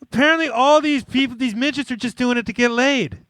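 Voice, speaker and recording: Male co-host, high voice, sarcastic mock lecturer. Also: fairly quick, fairly bright tone, smooth, no room sound. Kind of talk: casual comedy podcast chat.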